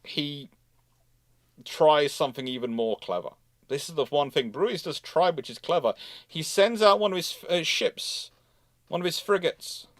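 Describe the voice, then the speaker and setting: A man's voice: a little high, measured pace, a bit bright, no room sound, clean studio sound. A man hosting a livestreamed naval history lecture, talking conversationally with fillers and self-corrections and answering viewer questions.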